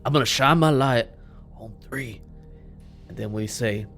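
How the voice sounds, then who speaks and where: A man at a tabletop game talks plans in a wry, easygoing tone. Faint music sits under his mid-pitched voice. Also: fairly quick, a bit bright. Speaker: player. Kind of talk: casual game talk.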